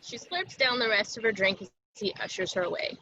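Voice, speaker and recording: A woman reading stage directions in a plain, even way over a video call. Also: medium pitch, brisk, no echo, muffled recording.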